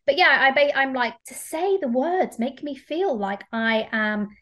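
Woman, 30s, candid podcast co-host, higher voice, chatty and frank. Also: a little slow. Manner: chatty, candid, animated when ranting. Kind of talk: casual podcast chat.

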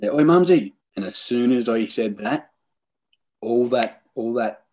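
Middle-aged man, low husky voice, animated storyteller, muffled recording. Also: measured pace. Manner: animated, excited storyteller, acts out quoted lines. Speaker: podcast guest telling a hunting story. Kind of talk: casual storytelling chat.

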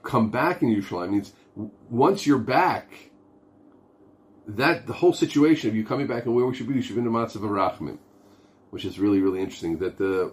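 A man teaching an informal lesson on prayer as a rabbi, earnest, his English full of Hebrew and Yiddish terms. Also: on the low side. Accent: Hebrew and Yiddish words in English speech. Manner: earnest, mixes Hebrew and Yiddish terms, acts out pleading voices.

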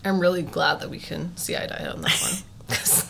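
A woman's voice: sits low, very animated, a little fast, vocal fry, fairly bright tone, a little hiss or hum. A woman podcast host asking playful questions in a casual interview, laughing often.

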